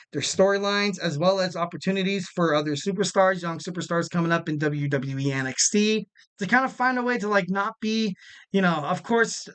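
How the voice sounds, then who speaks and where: Young man, podcast host, high voice, smooth and clear, casual rambling commentary. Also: fairly bright tone. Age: 20s. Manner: rambling, repeats phrases for emphasis.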